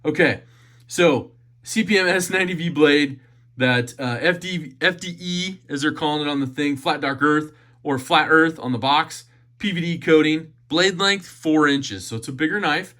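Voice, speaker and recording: A man's voice: on the high side, normal speed, sharp tone. A man giving a chatty, enthusiastic knife unboxing review, often repeating his phrases.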